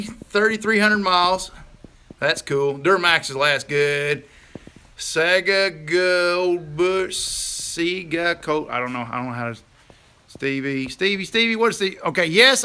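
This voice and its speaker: A man hosting a casual livestream outdoors, reading viewer comments aloud, rambling and teasing with bursts of loud laughter. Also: sits high, clean tone. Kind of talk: casual live chat.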